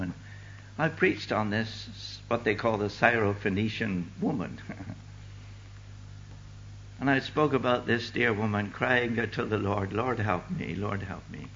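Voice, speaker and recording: An older man preaching a sermon with fervent delivery, swinging from loud declaiming to hushed asides. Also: on the low side, dull audio, a little hiss or hum.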